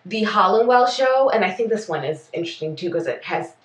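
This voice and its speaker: A woman's voice: mid-range voice, expressive, brisk. Chatty woman podcast host, roomy and distant. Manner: loose and chatty, lots of fillers and self-corrections. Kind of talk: casual chat, recounting a case from notes.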